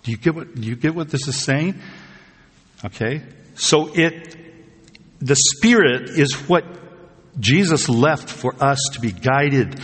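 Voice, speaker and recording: A man's voice: medium pitch, animated, slow pace, pauses often, fairly bright tone. A man preaching a sermon to a congregation in a conversational way, often asking them questions. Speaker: pastor. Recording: husky voice in a long-reverb hall.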